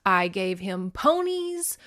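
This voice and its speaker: A woman voicing a proud, jealous young man who speaks forcefully and sneers. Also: medium pitch, sing-song, slow pace. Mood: aggrieved.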